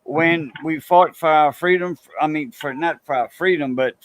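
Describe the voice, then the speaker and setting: A man's voice: a little high, moderate pace. A man in casual livestream chat, rambling and hesitant, often correcting himself mid-sentence.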